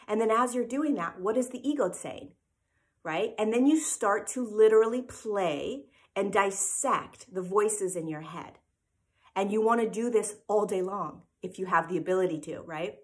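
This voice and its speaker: A woman's voice: medium pitch, lively intonation, normal speed. A woman giving an informal spiritual teaching talk, earnest and emphatic, who keeps checking in with her listeners by asking "right?" after her points. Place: live event replay.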